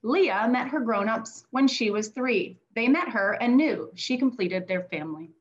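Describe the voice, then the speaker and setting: A woman's voice: on the high side, expressive, a little slow. A woman, a former teacher and children's book author, reads her picture book aloud in a teacherly way. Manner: teacherly read-aloud delivery. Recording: dull lo-fi audio.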